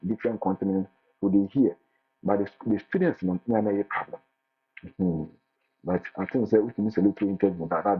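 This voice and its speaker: A man, a teacher giving casual advice in an animated way, often repeating and restarting his words. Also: lowish voice, breathy edge. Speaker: international teacher sharing his experience. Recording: phone-like line with faint music.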